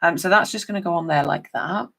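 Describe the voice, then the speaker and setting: Talking fast in a lowish, gravelly, slightly bright voice, a woman runs a chatty papercraft live stream. She speaks to viewers by name while crafting.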